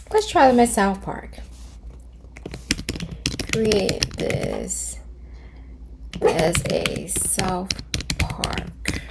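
The host of a laid-back home screen recording, a middle-aged woman, talks through her prompts as she types them and calls her viewers "y'all." Her mid-range voice sounds darkish and slightly rough.

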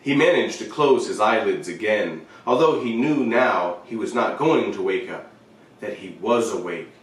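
A man reading a short story aloud, expressive, with shifting emphasis and the occasional slip. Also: lowish voice, normal speed, distant mic. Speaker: reader. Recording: very echoey room, voice away from the mic.

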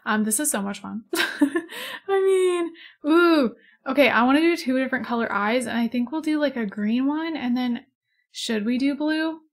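A woman's voice: high voice, lively intonation, normal speed. Giggly rambling young woman gamer. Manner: rambling, giggly, gushing over cute animals. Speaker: gaming YouTuber. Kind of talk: casual let's-play chat.

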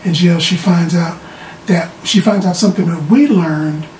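A TV show reviewer giving a casual, animated episode recap, often repeating words as they restart sentences. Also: medium pitch, moderate pace. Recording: roomy sound from a distant mic with faint background noise.

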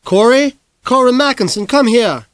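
A man voicing a stern, impatient small-town mother calling her son loudly from another room. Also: very high-pitched, expressive, normal speed, clean tone, no room sound, pitched above the performer's own voice.

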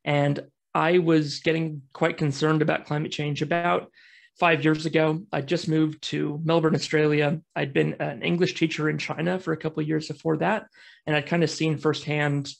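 Chatty American man with a gravelly edge. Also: a little high, little pitch movement, normal speed. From United States. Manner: chatty, self-deprecating, enthusiastic. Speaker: guest speaker, podcast network founder. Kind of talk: casual presentation on a video call. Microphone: video call.

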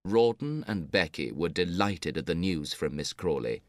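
A man narrating a story for English learners in a measured, clear reading. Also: deep voice, animated, no echo, studio quality.

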